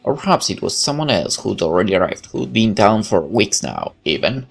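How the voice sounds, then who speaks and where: Low gravelly guy reading a visual novel out loud, tosses in little side comments, faint music behind. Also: big pitch swings, brisk. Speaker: narrator. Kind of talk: reading a visual novel aloud with casual asides.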